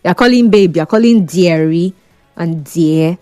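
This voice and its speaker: A woman's voice: lowish voice, a little slow, dark tone, dry recording, soft background music. A Nigerian woman hosting a phone-in radio talk show, chatty and teasing, often laughing.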